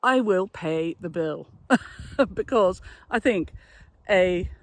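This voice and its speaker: A woman's voice: fairly low pitch, lively intonation, takes it slowly. A woman, a flower farmer and florist, giving a chatty, cheerful product review and laughing often.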